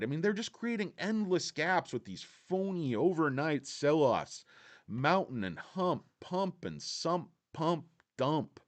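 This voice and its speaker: A man's voice: fairly high pitch, big pitch swings, slow pace. A man hosting a casual stock market livestream, brash and profane, talking to viewers and reading their chat.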